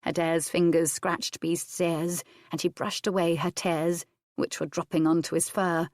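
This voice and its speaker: A woman narrates a historical romance in a measured, steady reading. Her voice sits low, and the recording is dry with no room sound. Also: no echo. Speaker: audiobook narrator. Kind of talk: scripted narration.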